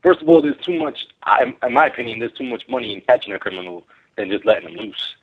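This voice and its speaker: A man's voice: mid-range voice, lively intonation, fast, husky. A young man from Brooklyn, a guest on a radio show, chatting loosely and profanely over a phone line. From Brooklyn, New York. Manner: loose, profane, laughs often. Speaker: guest rapper. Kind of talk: casual radio chat.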